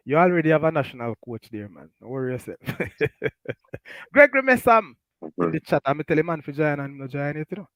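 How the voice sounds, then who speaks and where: A man's voice: on the high side, moderate pace, dry recording. A Jamaican man hosting a casual live stream, reading out chat comments and laughing often. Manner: laughs often, animated, Patois-flavored. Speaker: talk show host.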